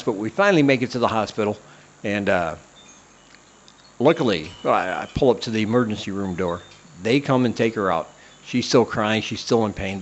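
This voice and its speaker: A man's voice: fairly low pitch, lo-fi sound. A man hosting a comedy podcast, telling a self-deprecating personal story in a rambling way, with many "uh" fillers. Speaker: podcast host.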